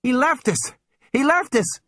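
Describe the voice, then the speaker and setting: Field: audiobook. Figure: a man doing a terrified little girl, shrill. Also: wildly swooping pitch, takes it slowly, bright, forceful tone, dry recording, studio quality, full character voice. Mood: wailing. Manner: shrill, wailing. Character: frightened young girl in peril.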